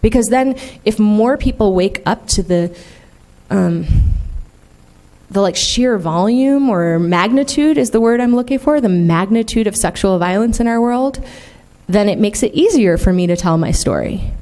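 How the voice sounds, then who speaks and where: A woman's voice: mid-range voice, lively intonation, normal speed, warm tone. A woman speaking candidly and emphatically as a conference plenary speaker, peppering her talk with "like" and "right?". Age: adult, in the field twenty years. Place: conference hall.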